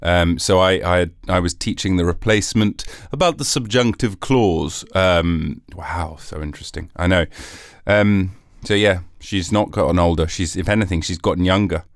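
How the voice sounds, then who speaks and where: A man's voice: deep voice, normal speed, hardly any pauses, no room sound, clean studio sound. A male podcast host chatting casually, rambling with laughs and swearing. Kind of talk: casual comic chat.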